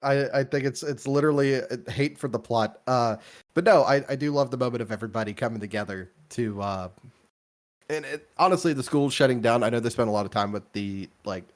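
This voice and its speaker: A man's voice: medium pitch, brisk. A young man co-hosting a casual podcast chat, eager and agreeable, often starting with small hesitations. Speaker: podcast co-host.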